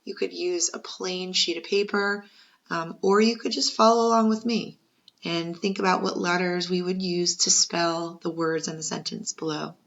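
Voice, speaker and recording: A woman's voice: lowish voice, steady tone, normal speed, creaky, fairly bright tone. A woman teacher giving a patient second-grade spelling lesson, sounding out syllables and encouraging young learners. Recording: muffled lo-fi recording.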